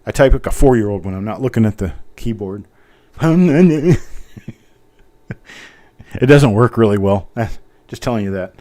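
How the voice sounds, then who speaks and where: A man's voice: fairly low pitch, quick pace, hardly any pauses, darkish tone. A man hosting a live coin auction stream, chatting casually, poking fun at himself and reading out bidders while he types. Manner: chatty, self-mocking, reads out bidders while typing.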